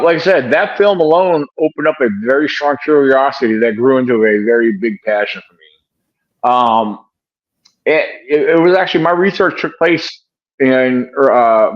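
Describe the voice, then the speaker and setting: A man's voice: mid-range voice, animated, measured pace, highs cut off. An older man, a researcher guest, answering interview questions casually from a room at home, rambling with many fillers and restarts over a video call. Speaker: wildlife and bigfoot researcher guest.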